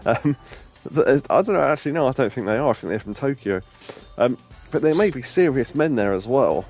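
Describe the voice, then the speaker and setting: A man's voice: mid-range voice, expressive, fairly quick, darkish tone, highs cut off. A man with an English accent giving casual, rambling game commentary as a let's play host, laughing often. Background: game music.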